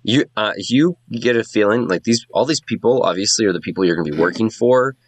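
A man's voice: lowish voice, breathy edge, dry recording, rough recording. A man running a tabletop game as game master, talking casually with plenty of fillers. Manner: casual, quick, lots of fillers.

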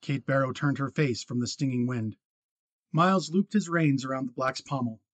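Male audiobook narrator, measured and even; dry, mid-pitched studio read. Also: dry recording. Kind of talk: scripted narration.

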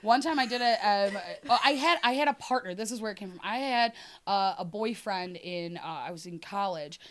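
A woman in casual podcast chat, telling animated stories, laughing often and swearing casually. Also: mid-range voice, fairly quick. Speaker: podcast co-host.

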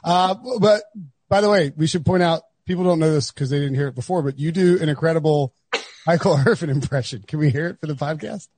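Talking fast in a fairly high, darkish voice, a man from North Carolina rambles through his casual sports podcast with no echo. He's chatty and self-deprecating, restarting often.

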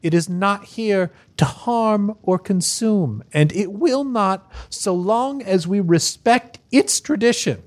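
Very slow, solemn game master. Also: medium pitch. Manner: measured, ceremonial. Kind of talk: slow, solemn in-world narration for a tabletop game.

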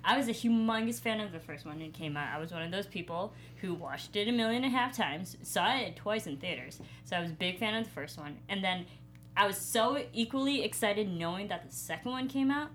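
A woman's voice: medium pitch, animated, brisk, a bit bright, a little hiss or hum. A woman on a casual film review panel, gushing with enthusiasm.

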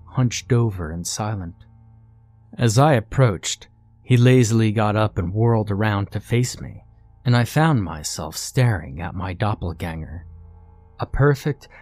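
A man narrating a first-person horror story in a tense, measured, scripted way. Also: on the low side, a little mellow, dry recording.

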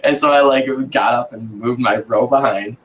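A man's voice: mid-range voice, moderate pace, fairly bright tone, slight background noise, low-quality recording. A man host telling a casual story in a podcast chat, swearing freely and breaking into laughter.

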